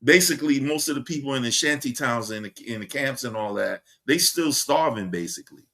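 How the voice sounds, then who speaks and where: A man's voice: mid-range voice, animated, fairly quick, a bit bright. A man in a casual discussion, talking loosely with slang and asides.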